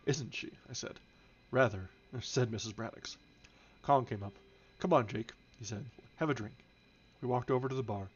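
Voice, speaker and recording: Man reading a novel over soft music. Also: mid-range voice, brisk, breathy edge. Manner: steady reading with small restarts, light character voices. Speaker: audiobook reader, streamer. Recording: slightly dull home stream audio with soft background music. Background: faint background music.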